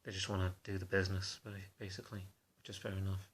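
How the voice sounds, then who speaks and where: Guy rambling in a confessional vlog, lowish flat voice, halting n hesitant. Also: slightly rough. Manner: halting, hesitant, self-conscious. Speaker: vlogger.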